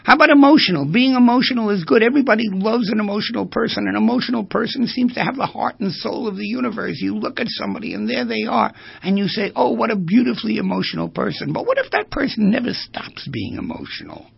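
Man, therapist, gravelly husky voice, lively rises and falls, dull lo-fi recording. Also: sits high, quick pace, few pauses, dry recording. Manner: animated, asks rhetorical questions. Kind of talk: lecture-style monologue.

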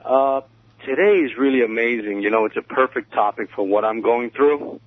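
A man's voice: mid-range voice, moderate pace, no echo. Hesitant male caller on a tinny phone line. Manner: hesitant, many fillers and restarts, confessional. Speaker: radio caller. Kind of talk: phone-in conversation.

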